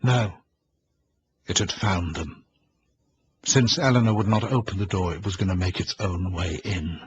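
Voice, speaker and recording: Deep-voiced man reading a horror story. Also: lo-fi sound, a little hiss or hum. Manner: measured, suspenseful reading. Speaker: audiobook narrator. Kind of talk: audiobook reading.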